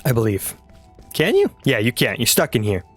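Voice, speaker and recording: A man's voice: medium pitch, wildly swooping pitch, normal speed, faint music behind. A man casually commenting on a video game he plays, rambling and trailing off. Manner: rambling, chuckling, trails off mid-sentence. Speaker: let's play host.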